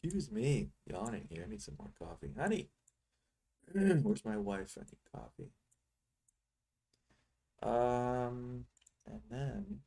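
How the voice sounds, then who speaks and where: A middle-aged man who sells futures trading software gives rambling, teasing live commentary on his trading screen, thinking aloud as he goes. His voice is fairly low, creaky, and a little mellow.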